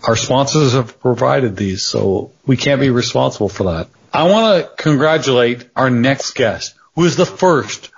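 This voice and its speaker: A man's voice: medium pitch, lively intonation, normal speed, vocal fry, hardly any pauses, breathy edge, muffled recording. A man from Canada hosting a podcast quiz round, teasing and a little tipsy. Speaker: podcast host. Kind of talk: casual quiz-show banter.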